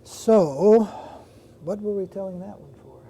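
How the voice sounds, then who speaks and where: A man's voice: high-pitched, unhurried, mellow, a little hiss or hum. A man, a swami, giving a devotional class, retelling a story in a loose, conversational way with restarts and asides to his listeners. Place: lecture room with listeners.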